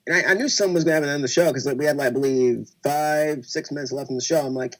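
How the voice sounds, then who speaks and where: A man co-hosting a casual wrestling podcast, talking excitedly and acting out his own reactions as he recaps a show. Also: on the high side, very fast, few pauses. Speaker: podcast co-host.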